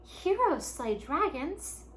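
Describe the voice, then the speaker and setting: A woman's voice: sits high, big pitch swings, takes it slowly, a little hiss or hum, voice pushed up, full character voice. A woman voicing a timid, earnest peasant boy in a storybook read-aloud.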